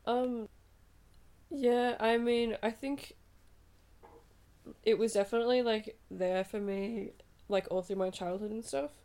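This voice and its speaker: Sleepy aussie girl in her 20s chatting on a podcast, low gravelly voice, kinda dark and mellow. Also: slow, long pauses. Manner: relaxed, chatty, swears and giggles. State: sleepy late at night. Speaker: podcast co-host. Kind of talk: casual chat.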